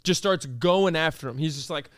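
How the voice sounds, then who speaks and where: A man's voice: a little high, moderate pace, no room sound, studio quality. A young man, a podcast host telling a story casually and animatedly with lots of fillers. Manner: animated, with many fillers and reenacted quotes.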